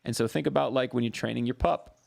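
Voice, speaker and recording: A man hosting a live mental health Q&A as a therapist, answering viewers in a warm, coaching way and repeating phrases for emphasis. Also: mid-range voice, fairly even intonation, quick pace, gravelly. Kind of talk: live-stream advice answering viewer questions.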